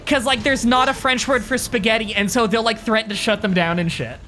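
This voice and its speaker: A woman's voice: fairly high pitch, a little fast, a bit bright, soft background music. Chatty woman streamer, rambling stories. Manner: rambling storyteller, swears freely. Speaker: streamer playing a hunting game with friends. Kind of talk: casual chat while gaming.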